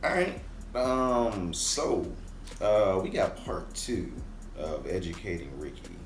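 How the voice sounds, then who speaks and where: A man with a fairly low voice chats casually as he introduces a clip for a reaction video. The room sounds echoey, with faint music behind him. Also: lively intonation, slow. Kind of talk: casual chat.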